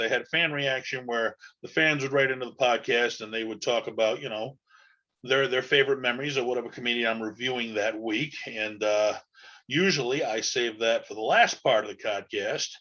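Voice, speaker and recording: A man's voice: mid-range voice, fairly quick, bright, forceful tone. A man hosting a podcast in a casual, rambling monologue full of fillers and loose talk, on a dull lo-fi recording. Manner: rambling, chatty, loose with fillers and mild swearing. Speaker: podcast host.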